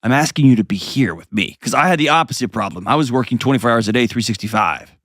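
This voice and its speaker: A man's voice: mid-range voice, expressive, fast, fairly bright tone, dry recording, clean studio sound. Blunt man hosting a call-in advice show. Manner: blunt, earnest, acts out quotes in mocking voices.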